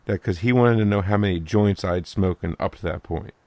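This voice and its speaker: A man with a gravelly, fry-heavy voice and a slightly low pitch tells rowdy stories with plenty of laughs and swearing. His voice is recorded close and dry, with no room sound. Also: fairly quick, darkish tone, dry recording. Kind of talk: casual chat.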